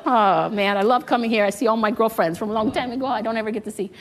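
A woman preaching a sermon to a congregation, lively and engaging them in call-and-response, a little out of breath. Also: fairly high pitch, fast, a little hiss or hum. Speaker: guest preacher.

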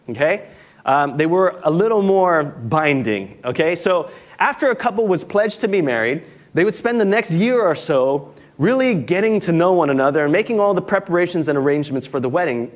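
A male pastor delivering a sermon in a conversational, storytelling way, with folksy jokes as a dad. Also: high-pitched.

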